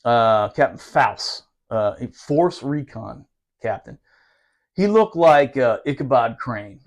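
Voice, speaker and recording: A man's voice: mid-range voice, lively intonation, slow. A man telling a rowdy, profane story about his Marine days, laughing as he goes. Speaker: podcast storyteller, former Marine. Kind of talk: casual storytelling.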